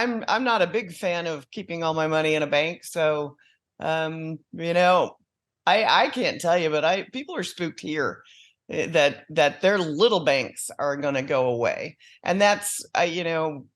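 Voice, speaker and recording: A woman's voice: sits low, lively intonation, measured pace. A woman on a panel show, chatting casually and telling personal anecdotes.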